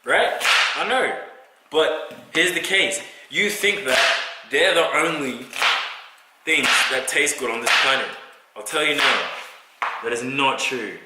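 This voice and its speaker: A man's voice: mid-range voice, takes it slowly, pauses often. Slangy young man vlogging from his kitchen. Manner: slangy, rambling, talks to camera while cooking. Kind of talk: casual cooking vlog. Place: home kitchen. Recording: echoey kitchen with clear background noise.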